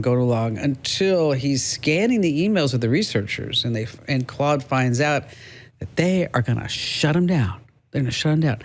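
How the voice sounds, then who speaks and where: A man with a New York accent hosting a casual tech news chat, playful and quick to laugh, drawing out words for effect. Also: mid-range voice. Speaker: host.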